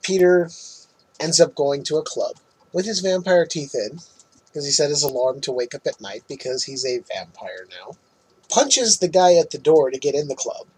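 Husky, chatty man recapping a film. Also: on the high side, expressive, normal speed, rough recording. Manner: chatty, laughs often.

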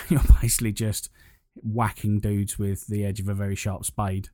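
A man talks through a casual gaming chat in a lowish voice, rambling and restarting his sentences as he gets enthusiastic. The sound is dry and close, with no room around it. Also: little pitch movement, moderate pace, dark tone, dry recording.

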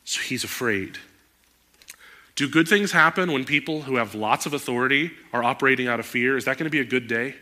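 A man preaching a sermon, animated and moving into emphatic outbursts. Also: mid-range voice, a little fast. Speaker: pastor.

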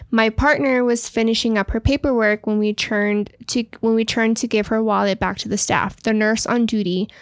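A woman's voice: medium pitch, no room sound, studio quality. A woman with a Texan accent co-hosting a casual podcast, reading a listener's story aloud in an emotional, heartfelt way. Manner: emotional, tearful at sad parts. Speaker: podcast co-host.

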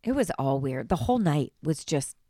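A woman co-hosting a podcast in casual chat, profane and animated, slipping into quick impressions of others. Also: sits low, no echo, clean studio sound. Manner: animated, profane, mimics others with big swings. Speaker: podcast co-host.

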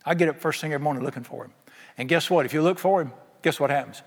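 A man's voice: on the high side, racing, creaky, slightly rough. A man preaching a sermon, telling folksy stories and acting out the dialogue himself. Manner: folksy storytelling, acts out quoted dialogue. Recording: long hall reverb.

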